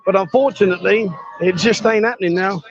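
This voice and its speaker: A man's voice: high-pitched, fairly quick, highs cut off, soft background music. Chatty man on a street stream. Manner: chatty, jokey, greets people loudly on the street. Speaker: livestream host. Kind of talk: casual walkabout livestream. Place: outdoor street market at night.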